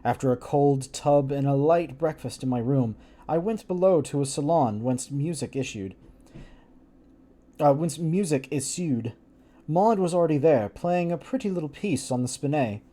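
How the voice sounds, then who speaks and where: A man reads a gothic story aloud on a live stream in a casual, animated way. His pitch sits somewhat high and jumps around a lot. He keeps breaking off to joke around between passages. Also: normal speed. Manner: animated, joking asides.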